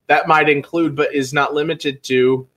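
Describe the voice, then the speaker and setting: Co-host, male, high and bright, rambling and self-mocking in casual chat. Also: fairly even intonation, a little slow. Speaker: podcast co-host.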